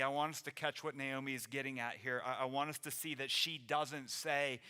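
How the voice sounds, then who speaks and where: A man's voice: mid-range voice, steady tone, moderate pace, few pauses, bright, forceful tone, clear, resonant tone. A man preaching a sermon as pastor in a church, earnest and conversational, often restarting his phrases. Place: church sanctuary.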